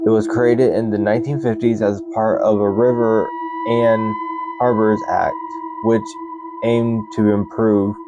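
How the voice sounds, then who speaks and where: A young man talks slowly in a lowish voice, stumbling and restarting as he reads, with loud music under him the whole time. He sounds casual and unscripted, often stopping to react to what he has just said. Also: level tone. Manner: halting, stumbles and restarts, repeats "that's insane". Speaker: channel host. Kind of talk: casual unscripted storytelling and reading aloud.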